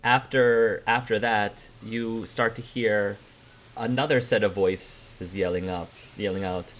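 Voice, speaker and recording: A man running a tabletop role-playing game as game master, narrating in an unhurried storytelling way with many fillers. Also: on the low side, steady tone, a bit bright, slight background noise.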